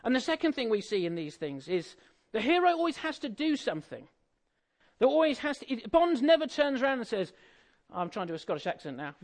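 A preacher with a notably high voice gives a relaxed, humorous sermon. He keeps turning to the listeners with questions and asides. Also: a little fast. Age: adult, married. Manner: conversational, jokey, asks the audience questions.

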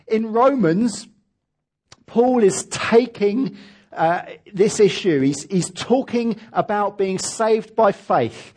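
A man's voice: high-pitched, expressive, slow pace, darkish tone. A man preaching a sermon as pastor, emphatic and leading his congregation in reading aloud.

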